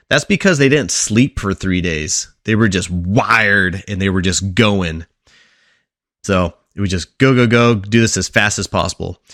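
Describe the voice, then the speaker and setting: A man's voice: fairly low pitch, a bit bright, dry recording, clean studio sound. A young man hosting a casual podcast, walking his friends through a history story with lots of fillers and quiz questions. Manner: rambling explainer, asks quiz questions, many fillers and restarts. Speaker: podcast co-host presenting a history segment.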